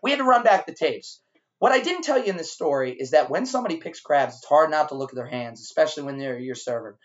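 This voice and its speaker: A man on a podcast telling a rowdy restaurant story, animated and profane, acting out the shouting. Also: a little high, fast talker, muffled recording. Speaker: podcast co-host. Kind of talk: casual storytelling over drinks.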